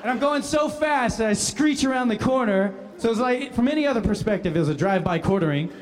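A man telling a funny personal anecdote, animated and often laughing as he speaks. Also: very high-pitched, fast talker. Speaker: guest storyteller. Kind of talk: comic anecdote.

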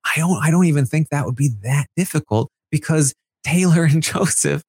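A man's voice: on the high side, normal speed, husky, no room sound. Brief: male podcast co-host, chatty and rambling, dry close sound. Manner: rambling, lots of fillers, quotes houseguests in a lively voice. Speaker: podcast co-host recapping a reality show. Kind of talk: casual chat.

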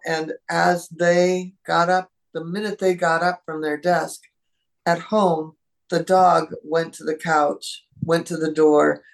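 Chatty woman guest, gravelly edge, easygoing interview talk. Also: low-pitched. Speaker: animal communicator guest.

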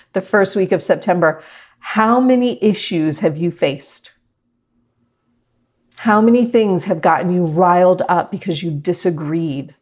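A middle-aged woman teaching a meditation class, talking gently and reflectively to her students. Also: fairly low pitch. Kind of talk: guided meditation talk.

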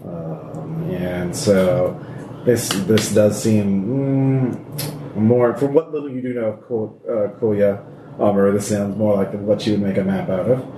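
A man narrating as game master of a tabletop role-playing game, halting and full of ums and restarts. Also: fairly low pitch, fairly even intonation. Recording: roomy room with faint noise.

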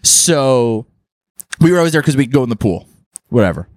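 A man's voice: medium pitch, expressive, brisk, a little mellow, no echo. A man co-hosting a podcast, telling funny stories in casual chat, laughing often, swearing freely and acting out the voices of people he quotes. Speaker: podcast co-host. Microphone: podcast studio mic. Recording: dry close studio sound.

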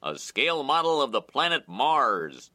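A man's voice: mid-range voice, very animated, a little slow, very noisy. A man voicing a pompous, fussy middle-aged school principal in a cartoon. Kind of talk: cartoon voice acting.

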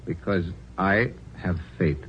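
An actor playing a patient, earnest army chaplain in 1940s radio acting, gentle and persuasive. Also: male voice, deep voice, takes it slowly, muffled recording, a little hiss or hum.

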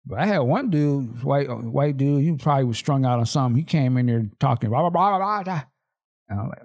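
A man's voice: mid-range voice, expressive, brisk, a little mellow. A man on a podcast telling stories in casual chat, slangy and acting out dialogue. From Seattle, Washington. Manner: storytelling, slangy, acts out dialogue. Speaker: podcast co-host.

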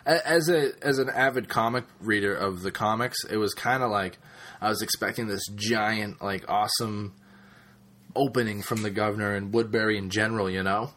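A man's voice: lowish voice, moderate pace, a bit bright. Chatty man rambling with lots of ums. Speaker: podcast co-host. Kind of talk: casual chat.

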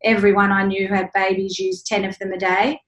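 Flat-voiced Australian woman, echoey room. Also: medium pitch, a little fast. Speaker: guest, entrepreneur. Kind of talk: casual interview conversation.

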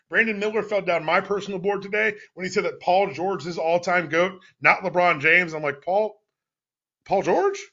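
Male podcast host, thirties, high and bright voice, playful teasing banter, dull lo-fi sound. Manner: playful, mock-indignant and joking. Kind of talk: casual sports podcast chat.

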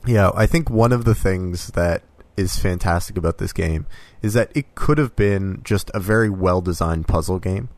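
A man with a very deep voice talks thoughtfully on a gaming podcast, pausing often with fillers. The recording is dry, with no room sound. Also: a little mellow, dry recording. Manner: measured, thoughtful, with "um" pauses. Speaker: podcast co-host. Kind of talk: casual game discussion.

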